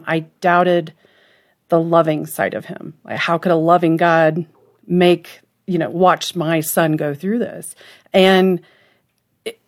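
A middle-aged woman speaks earnestly and openly. Her voice sits a little low for a woman. She talks with strong emotion and in a conversational way. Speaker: podcast co-host and author, guest. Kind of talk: candid faith conversation.

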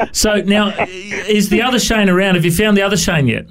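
A man hosts a live radio interview, upbeat and joking. His slightly high voice rises and falls with lively energy. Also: measured pace, low-quality recording. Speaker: radio host.

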